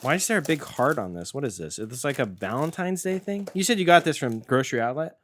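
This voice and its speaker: A man's voice: mid-range voice, expressive, quick pace. A young man co-hosting a casual food-tasting podcast, joking around, interrupting and slipping into silly bits as he reviews snacks. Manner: playful, jokey, interrupts, slips into silly bits. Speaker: podcast co-host.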